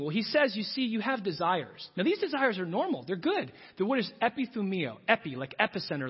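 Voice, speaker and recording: Male preacher, high voice, very lively, husky, echoing hall, dull lo-fi sound. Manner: emphatic, repetitive, animated preaching. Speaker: pastor. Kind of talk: sermon. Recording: dull recording in a big reverberant hall.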